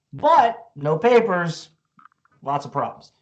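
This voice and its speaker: A man's voice: medium pitch, moderate pace. A man in his forties, a guest musician, telling a story in a casual, profane way full of "like" and "you know.".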